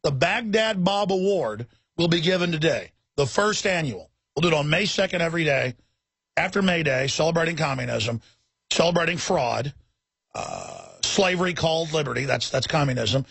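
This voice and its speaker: Guy ranting on talk radio, high gravelly voice, mocking and fired up. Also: very animated, a bit bright, no echo. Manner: fiery, mocking, rapid tangents. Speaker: radio talk show host.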